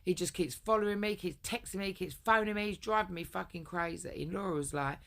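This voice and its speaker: A woman's voice: on the low side, fairly quick, a bit bright. A woman telling a long personal story in a rambling, blunt way, swearing often. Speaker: vlogger. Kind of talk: casual storytelling rant.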